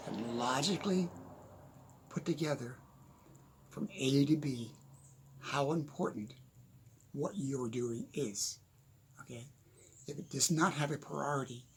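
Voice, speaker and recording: A man talking casually into the camera from his desk at home, giving unscripted motivational advice, chatty and quick to laugh. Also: medium pitch, fairly bright tone, slight background noise. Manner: chatty, laughs often, repeats "okay?". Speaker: motivational speaker.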